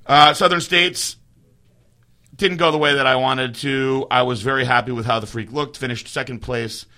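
Man, animated storyteller, bright edgy tone, casual profane chat, does quick voices of others. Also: mid-range voice. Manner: animated storyteller, swears freely, mimics others. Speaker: podcast co-host.

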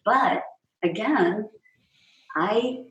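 A stage actress, appearing as an interview guest, tells chatty anecdotes, cutting herself off mid-sentence and acting out what others said. Her medium-pitched voice is expressive and extremely slow, and the muffled recording has roomy echo from a distant mic.

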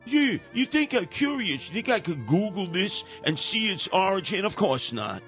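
A man's voice: sits high, sing-song, normal speed, a bit bright, soft background music. An older man hosting a radio talk show, rambling and wisecracking as he ribs his younger co-hosts. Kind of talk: casual talk radio banter.

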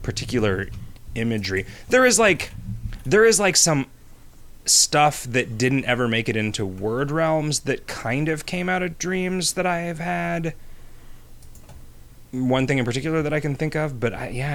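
A man's voice: medium pitch, fairly bright tone. A man co-hosting a podcast, chatting casually and often rambling, restarting and trailing off as he thinks aloud. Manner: rambling, halting, lots of restarts and fillers. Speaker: podcast co-host. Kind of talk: casual chat.

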